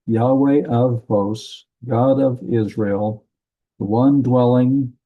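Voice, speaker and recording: A man teaching a slow classroom lesson, thinking aloud and correcting himself as he goes. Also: lowish voice, mellow, rough recording. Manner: deliberate, thinking aloud with many ums and self-corrections. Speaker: Bible language teacher. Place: church classroom.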